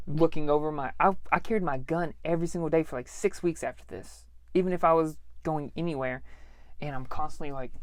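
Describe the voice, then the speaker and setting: A young podcast host spinning a personal story, loose and profane, who jumps into the dialogue of each person in it. The voice sits at a middle pitch, and the recording is close and dry. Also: dry recording. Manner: profane, animated, acts out dialogue. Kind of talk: casual storytelling.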